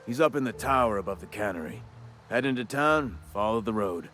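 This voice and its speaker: An actor playing a chatty, wry frontier gravedigger in a video game, talking in a folksy drawl with old-timey wording. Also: male voice, fairly low pitch, lively intonation, brisk, a bit bright, soft background music. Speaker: game character.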